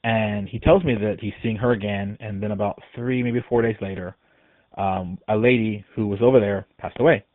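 A man's voice: on the low side, fairly even intonation, moderate pace, no echo. A man from Texas phoning in to tell a ghost story, rambling along with lots of fillers and restarts. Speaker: caller sharing a ghost story. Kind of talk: casual phone-in storytelling. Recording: tinny phone line, dry.

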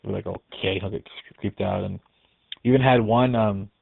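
A man's voice: on the low side, fairly even intonation, moderate pace, vocal fry, slightly rough, dry recording. Man telling a ghost story over a tinny line. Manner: rambling and hesitant, with many restarts. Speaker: care facility staff member. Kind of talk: casual spoken ghost story. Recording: tinny phone-like recording, dry.

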